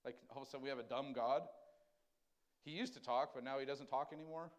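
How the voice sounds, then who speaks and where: Speaking fast in a steady, mid-range voice, a pastor delivers a conversational sermon. He questions his listeners and moves from loud emphasis to gentle, quiet lines.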